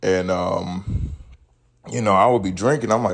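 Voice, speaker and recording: Man in his thirties, podcast host, gravelly voice, lowish pitch, profane rambling commentary. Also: fairly quick. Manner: profane, rambling, reads news stories aloud and riffs on them. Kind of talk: casual solo podcast commentary.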